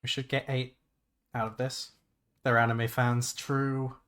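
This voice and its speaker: A young man chatting casually on a livestream while he plays a game, rambling and excitable, swearing freely and restarting his sentences. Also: medium pitch, a little slow, clear, resonant tone. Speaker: VTuber streamer. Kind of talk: casual gaming livestream chat.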